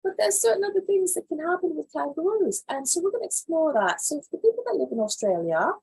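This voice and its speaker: A woman hosting a live animal news show, reading stories aloud and reacting to them in casual, animated commentary. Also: very high-pitched, quick pace, creaky. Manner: animated, reacts loudly then drops to quiet asides.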